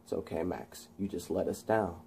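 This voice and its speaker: A man voicing an unseen, manipulative male voice that softly coaxes and persuades. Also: low voice, fairly even intonation, normal speed, breathy edge, pitched below the performer's own voice. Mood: coaxing. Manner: soft, coaxing, persuasive.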